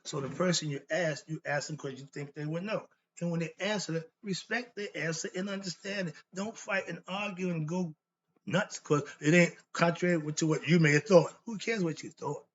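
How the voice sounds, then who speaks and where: A man's voice: on the high side, normal speed. A man giving an informal philosophy lecture, bluntly posing rhetorical questions and answering them himself. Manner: emphatic, blunt and conversational. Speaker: philosophy teacher. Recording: dull lo-fi sound with faint noise.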